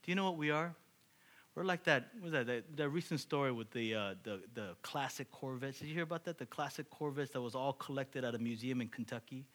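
A man preaching a sermon to his congregation, animated, asking rhetorical questions and building up to loud, excited peaks. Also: medium pitch, fairly quick. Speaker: pastor.

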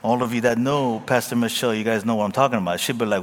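A man preaching a sermon as pastor, moving between quiet prayer and lively, joking Bible teaching. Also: medium pitch, moderate pace. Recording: long hall reverb.

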